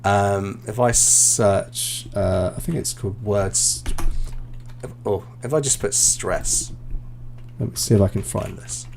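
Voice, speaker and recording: A British man, an IELTS teacher, giving relaxed, explanatory feedback in a live online class, with plenty of ums and uhs. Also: on the low side, slow pace, a little hiss or hum.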